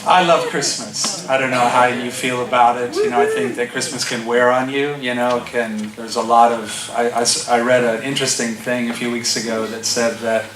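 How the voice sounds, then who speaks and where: A man's voice: mid-range voice, level tone, normal speed, hardly any pauses, crowd noise. A man in his sixties, a guest pastor preaching a sermon and telling funny stories with humor. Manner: humorous storytelling. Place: church auditorium. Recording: echoey church from far off.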